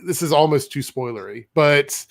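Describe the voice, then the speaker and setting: A man's voice: a little high, normal speed, gravelly, no echo, clean studio sound. A man with a slightly raised voice chats loosely on a live stream, reading out viewer messages and laughing between lines. His talk runs loose and easygoing. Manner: laughs often, reads super chats aloud. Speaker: co-host of a fan show. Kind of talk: casual live-stream chat.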